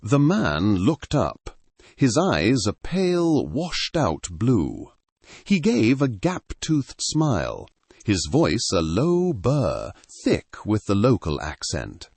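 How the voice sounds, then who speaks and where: A man narrating a scripted story in a measured, literary way. His voice is low and husky, with a very lively, swooping pitch, and the recording is dry and close to the mic. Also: no echo.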